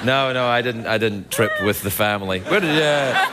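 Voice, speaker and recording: Scottish man hosting, with lively pitch. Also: heavy background noise. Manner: joking, teasing, quick asides. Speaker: late-night talk show host. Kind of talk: comic banter with a guest. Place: TV studio with live audience.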